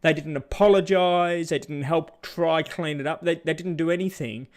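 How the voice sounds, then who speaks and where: A man's voice: on the high side, normal speed. A man with an Australian accent, a travel YouTuber chatting casually with viewers in an indignant, ranting way, often restarting his sentences. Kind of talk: casual live chat.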